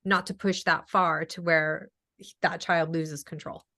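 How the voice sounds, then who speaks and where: A woman's voice: deep voice, fairly even intonation, unhurried, pushed and bright. A woman speech-language pathologist answering questions in a casual webinar, chatty with frequent ums and acted-out quotes.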